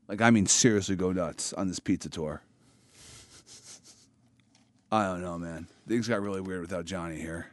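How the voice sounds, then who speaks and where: A man co-hosting a casual podcast, joking and swearing, with sudden bits in silly shrill voices. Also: moderate pace, long pauses, dry recording, studio quality. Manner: goofy, profane, bursts into loud high-pitched mock voices. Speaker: podcast co-host. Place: small podcast studio.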